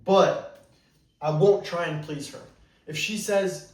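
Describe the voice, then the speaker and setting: This advice monologue comes from a dating coach whose voice is high-pitched and a little mellow, at a moderate pace. Talking bluntly to camera, he keeps insisting "you better". Room echo is noticeable, as the mic sits far away.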